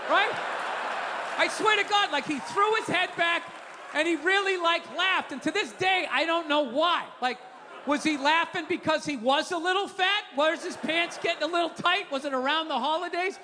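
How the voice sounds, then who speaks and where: Brash, ranting high-voiced comedian. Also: male voice, normal speed, sharp tone, long reverb tail, a faint crowd, a little hiss or hum. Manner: brash, profane, ranting storytelling. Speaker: stand-up comedian. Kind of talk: stand-up comedy set. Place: comedy stage before an audience.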